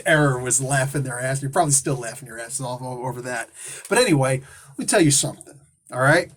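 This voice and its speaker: A man's voice: on the high side, breathy edge. A man hosting a casual comic book review, talking in an enthusiastic, rambling, casually profane way.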